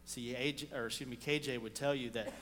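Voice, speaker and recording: A man preaching a sermon, telling a story with animated swings between loud and hushed delivery. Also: mid-range voice, fast, long reverb tail. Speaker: pastor.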